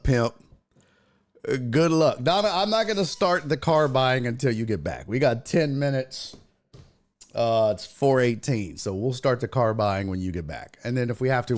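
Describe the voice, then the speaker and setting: A man hosting a casual sports livestream, bantering loudly and profanely with his chat. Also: medium pitch. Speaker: livestream sports talk host. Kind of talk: casual livestream chat reading viewer comments.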